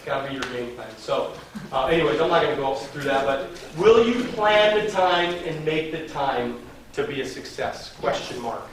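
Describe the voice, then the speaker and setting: A man working as a sales trainer in a meeting room, giving a lively motivational seminar full of slang and call-and-response chants. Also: fairly high pitch, moderate pace. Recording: very echoey room from a distance, faint noise.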